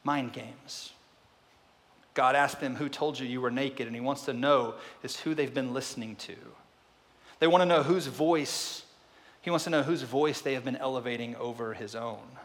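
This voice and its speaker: A man's voice: mid-range voice, steady tone, moderate pace. Man preaching in an echoey hall. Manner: swings from hushed to loud, repeated rhetorical questions. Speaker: pastor. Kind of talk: sermon. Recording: reverberant hall.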